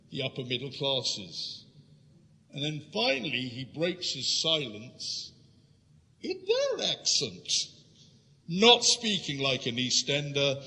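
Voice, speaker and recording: Bright-voiced man lecturing in a hall. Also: medium pitch. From London, England. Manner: lively storytelling, addressing the audience directly. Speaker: guest lecturer. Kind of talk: illustrated history lecture. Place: lecture room.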